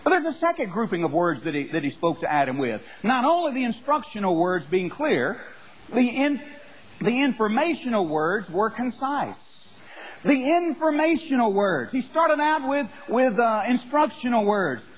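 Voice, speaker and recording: A man preaches from the pulpit in a high, husky voice. He builds his points through repetition and rising emphasis, speaking directly to his congregation. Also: big pitch swings, normal speed, low-quality recording. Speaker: pastor. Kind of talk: sermon.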